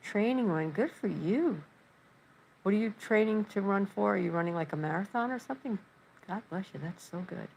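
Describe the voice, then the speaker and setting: A woman's voice: medium pitch, lively intonation, fairly quick, vocal fry, darkish tone, slight background noise, rough recording. A woman hosting a casual livestream from her living room, chatting in a rambling, storytelling way and reading out chat messages. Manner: reads chat messages aloud. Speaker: livestream host.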